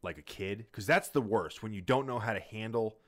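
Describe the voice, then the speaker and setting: A man's voice: on the low side, fairly quick, a bit bright. A man casually telling a rambling, profane story in a podcast chat.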